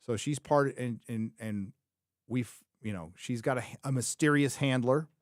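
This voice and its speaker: He reviews a TV series on his live show, speaking casually in a mid-range voice at a measured pace. Opinionated and prone to rambling, he thinks out loud, corrects himself frequently, and repeats lines to drive points home. The recording is clean studio sound without any room sound.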